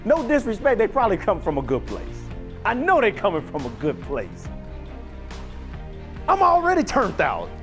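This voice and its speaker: Animated male motivational speaker, preacher-like cadence. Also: sits high, normal speed, pauses often, music in the background. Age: young adult. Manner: preacher-like cadence, swinging from loud to near-whisper. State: choked up and crying at times. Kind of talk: motivational keynote speech.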